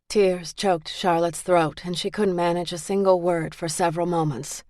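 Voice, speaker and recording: Woman reading a suspense audiobook, fairly low. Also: no echo, studio quality. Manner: measured, even storytelling. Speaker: audiobook narrator. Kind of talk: audiobook narration.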